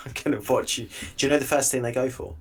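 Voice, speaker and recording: A man's voice: mid-range voice, steady tone, fast talker. A man co-hosting a casual podcast, teasing his partner and laughing a lot. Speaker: podcast co-host.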